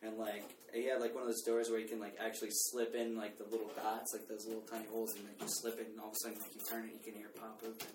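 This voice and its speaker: A man's voice: fairly low pitch, level tone, rapid-fire, hardly any pauses. A young man telling a party prank story in casual chat, rambling with lots of fillers and swearing. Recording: echoey room, far from mic, noisy.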